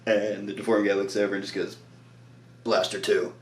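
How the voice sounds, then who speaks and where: A man's voice: lowish voice, completely flat delivery, fast, reverberant, recorded from a distance. A tired man recapping a show episode in a loose, rambling way, with lots of "like" and frequent laughs.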